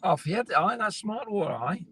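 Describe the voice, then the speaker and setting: A man's voice: high-pitched, expressive, moderate pace, pushed and bright, husky, dry recording. A man with a Scottish accent co-hosting a casual chat and agreeing with the host in short replies.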